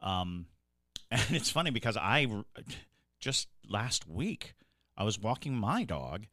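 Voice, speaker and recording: Bright-voiced man rambling on a podcast. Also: fairly low pitch, sing-song, slow pace, no echo, clean studio sound. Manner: rambling, with many fillers and restarts, tells stories with a laugh. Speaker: podcast co-host. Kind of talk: casual podcast chat.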